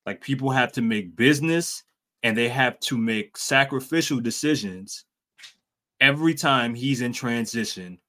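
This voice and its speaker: Animated man talking basketball. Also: normal speed. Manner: animated, jumps high in pitch when teasing. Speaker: podcast co-host. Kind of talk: casual sports and culture chat.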